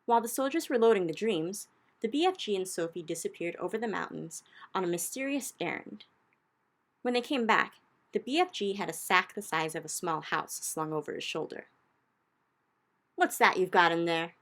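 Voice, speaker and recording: A woman narrating a children's book aloud in an expressive storytelling style, lifting her voice for the exciting moments. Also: mid-range voice, brisk.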